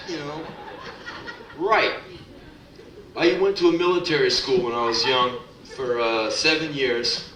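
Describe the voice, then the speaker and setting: A young man tells profane comic stories on a club stage, with a bright, forceful voice that swings into shouted rants. His voice rings through a roomy club and reaches the microphone from some distance, with a faint murmur of the room behind him. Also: medium pitch, slow pace, long pauses, slight background noise. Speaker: spoken word performer. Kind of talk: live spoken word storytelling. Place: club stage before a live audience.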